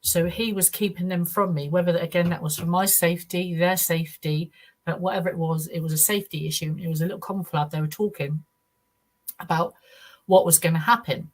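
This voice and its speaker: A middle-aged Englishwoman with a fairly low voice speaks as a guest on a podcast interview. She recounts her own experience earnestly, stopping and restarting her sentences as she goes. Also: fairly even intonation. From United Kingdom. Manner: earnest, halting storytelling with frequent restarts. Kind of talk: first-person account in a podcast interview.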